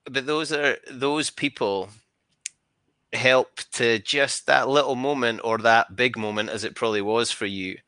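A man's voice: medium pitch, measured pace, sharp tone, clean tone, no room sound. A man hosting an interview, summing up and asking reflective questions. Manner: reflective, asks long framing questions. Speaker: interviewer host. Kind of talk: casual interview.

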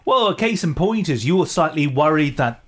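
Deadpan man with lively pitch. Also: a little fast. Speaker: podcast host. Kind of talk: casual chat.

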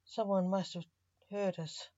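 A woman's voice: medium pitch, level tone, measured pace, mellow, dry recording, lo-fi sound, close to an everyday voice. A woman reading a weary stern young man.

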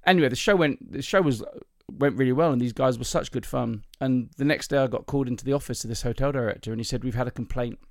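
A man's voice: medium pitch, quick pace, vocal fry, few pauses, no room sound, clean studio sound. A male comedian hosting a podcast, telling chatty, self-mocking anecdotes in a casual voice with plenty of ums and restarts. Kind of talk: casual storytelling chat.

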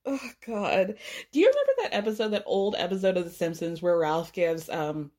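A woman's voice: lowish voice, big pitch swings, quick pace, darkish tone. A woman hosting a podcast, chatting casually in a recap, full of likes, laughs and playful mock voices. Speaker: podcast host.

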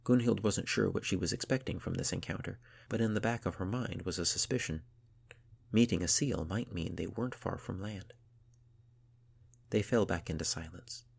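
A man narrating a storybook in a slow, measured, soft reading voice. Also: deep voice, gravelly, husky.

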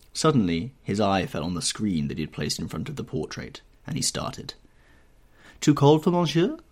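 Male audiobook narrator, low-ish, very animated intonation, measured reading. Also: gravelly. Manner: expressive, measured storytelling. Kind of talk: scripted narration.

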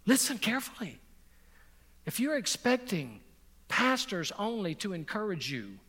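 A middle-aged male pastor preaches with an unusually high-pitched voice, stressing his points by repeating them and sometimes dropping to near-quiet. His voice rings out with a long reverb, as if in a big church sanctuary. He tells a personal story in plain sermon style. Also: big pitch swings, a little slow. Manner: emphatic, repeats phrases for effect, drops to a soft voice on key points.

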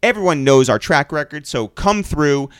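A man co-hosting a podcast, reading shout-outs and promos in an upbeat voice, then chatting casually with a guest. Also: on the high side, expressive, normal speed, clean tone, no echo, studio quality. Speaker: podcast co-host.

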